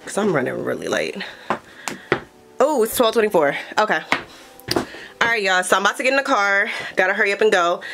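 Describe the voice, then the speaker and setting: A woman's voice: mid-range voice, big pitch swings, fairly quick, gravelly, pauses often, echoey room, background noise. Chatty young LA woman vlogging. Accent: Los Angeles. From Los Angeles. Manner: chatty, addresses viewers as y'all. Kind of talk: casual vlog chat to camera.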